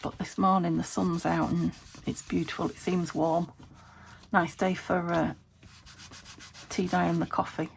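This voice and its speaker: Chatty British woman, gravelly voice. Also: lowish voice, level tone, unhurried. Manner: chatty, thinks aloud, self-talking with little laughs. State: recovering from a fever. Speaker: craft vlogger. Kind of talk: casual crafting chat. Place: home craft desk, window open. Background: traffic through an open window.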